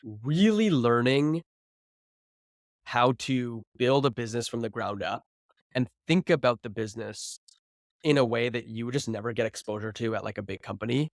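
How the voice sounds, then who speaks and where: A man's voice: medium pitch, moderate pace, creaky, dry recording, studio quality. A man in his thirties, a founder guest on a podcast, telling stories in a chatty, loose way, full of "like" and restarts. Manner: chatty, filler-heavy, frequent "like" and restarts. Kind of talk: casual storytelling interview.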